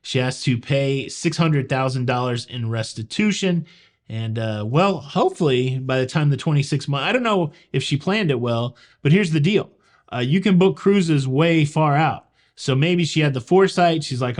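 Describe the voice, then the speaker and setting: A man's voice: fairly high pitch, expressive, normal speed. Male host, Southern accent, casual news commentary, playful wisecracks. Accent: Southern American. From American South. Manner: joking, wisecracking, talks to viewers. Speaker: cruise news show host.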